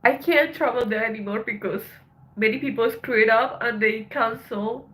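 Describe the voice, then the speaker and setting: A woman hosting a livestream, talking in a halting, emotional way with lots of swearing and a voice that breaks with tears. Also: fairly high pitch, a bit bright, poor audio. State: tearful. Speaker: livestream host. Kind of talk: emotional casual livestream chat.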